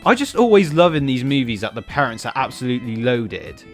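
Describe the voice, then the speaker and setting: A man tears into a film with sarcastic, swearing commentary. His pitch swings wildly from high outrage to low mutters, over a faint bed of music. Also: big pitch swings, fairly quick. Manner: sarcastic, exasperated, profane. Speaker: film reviewer. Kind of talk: comedic film review commentary.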